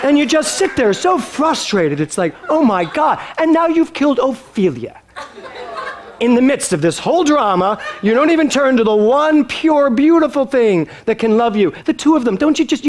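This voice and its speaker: Male speaker, spiritual talk, high voice with big swoops in pitch, teasing and theatrical. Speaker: minister.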